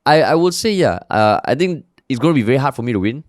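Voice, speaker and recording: This is a man with a Singaporean accent chatting on his podcast, firing words off at a quick clip. He swears casually and tacks "lah" onto his sentences. His voice sits in a middle register and sounds dry and close. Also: medium pitch, no echo. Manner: swears freely, animated and fast, tags sentences with "lah". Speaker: podcast co-host. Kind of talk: casual chat.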